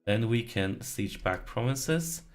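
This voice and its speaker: A man's voice: medium pitch, expressive, slow, soft background music. A man commenting on his strategy game as he plays, pleading with it and groaning when it goes wrong. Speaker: let's play host.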